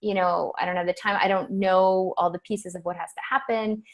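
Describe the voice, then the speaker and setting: A woman's voice: mid-range voice, fairly even intonation, fairly quick. A woman hosting a conversational interview, feeling her way through questions, restarting phrases and adding "right?" to check in. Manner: searching, restarts phrases, adds "right?" often. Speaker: host.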